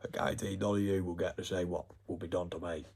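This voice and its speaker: A man's voice: low voice, flat delivery, quick pace, gravelly, a little mellow, breathy edge. A man giving a rambling, profane monologue. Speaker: vlogger.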